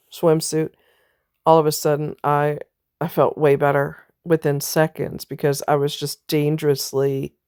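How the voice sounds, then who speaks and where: A woman's voice: low voice, a little mellow, no room sound, studio quality. A woman vlogger telling a personal story in a blunt, emphatic way, now and then swearing. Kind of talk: casual personal monologue.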